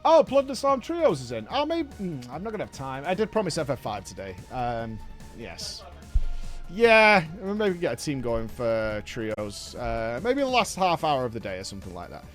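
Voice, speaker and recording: A man hosting a live stream, rambling through a story with plenty of swearing and pausing to thank viewers. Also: medium pitch, huge pitch swings, soft background music. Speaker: streamer and show host.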